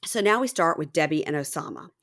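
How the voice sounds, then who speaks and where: Lower-pitched woman recapping casually. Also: expressive, fast talker, a bit bright. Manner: retells scenes, quoting people in mimicked voices. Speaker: podcast host.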